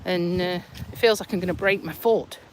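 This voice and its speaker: An English vlogger chats with her live-stream viewers while walking along a roadside footpath, often teasing and laughing and a bit out of breath. She talks into a hand-held phone in a lowish voice at a moderate pace as traffic passes by.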